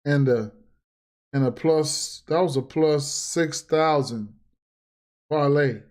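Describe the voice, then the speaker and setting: A man's voice: fairly high pitch, slow, a little mellow. A man ranting casually and profanely on a livestream about sports bets, repeating himself and getting heated. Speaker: sports betting streamer.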